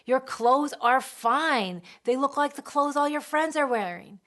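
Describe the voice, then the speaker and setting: A woman voicing an exasperated mother who scolds her daughter with emphatic, drawn-out words. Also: sits high, lively intonation, a bit bright, voice pushed up.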